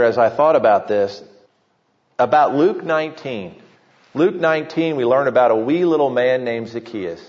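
A pastor delivering a sermon with emphatic preaching, slowing down to stress key points. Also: male voice, mid-range voice, a little mellow. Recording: muffled sound with long hall reverb.

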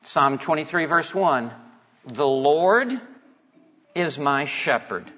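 A man preaching an expository sermon, measured and emphatic, with dramatic pauses. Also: fairly high pitch, expressive, sharp tone. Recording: dull reverberant hall sound.

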